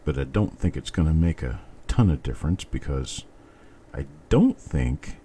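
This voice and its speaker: Very deep-voiced man chatting on a live stream. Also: expressive, normal speed, mellow. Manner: rambling, chatty, thinking aloud. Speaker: host. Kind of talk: casual live-stream chat. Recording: faint background noise.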